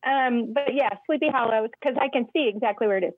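A woman, co-hosting a casual podcast chat, talkative and quick to laugh, sometimes trailing off while she remembers. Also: on the high side, slightly rough, no room sound, phone-quality sound. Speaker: podcast co-host.

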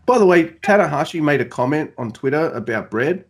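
A man's voice: medium pitch, big pitch swings, quick pace, hardly any pauses, a little mellow. A man with an Australian accent, chatting casually and rambling with jokes as a podcast co-host. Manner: rambling, joking, self-deprecating. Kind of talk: casual chat.

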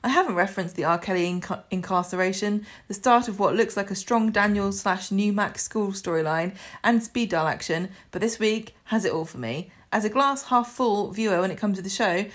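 A woman's voice: mid-range voice, brisk, hardly any pauses. A woman co-hosting a podcast, reading listener emails aloud with chatty asides. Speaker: podcast co-host.

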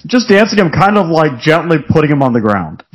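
A man's voice: a little high, very animated, brisk. A man co-hosting a podcast, bluntly and profanely recapping a movie in casual chat, laughing often. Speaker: podcast co-host.

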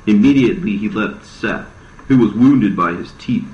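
Man narrator, low voice, steady reading, echoey room. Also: moderate pace. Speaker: reader. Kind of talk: scripted narration. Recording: roomy dull lo-fi recording.

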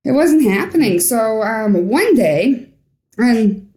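Lively young woman telling a story, roomy echo. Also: fairly high pitch, takes it slowly. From Norway. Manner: animated storyteller, acts out quoted dialogue. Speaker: guest. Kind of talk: storytelling interview.

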